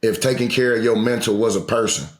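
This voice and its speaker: A man's voice: lowish voice, fast talker, reverberant. A man hosting a podcast in casual chat, loose and full of slang. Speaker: podcast host.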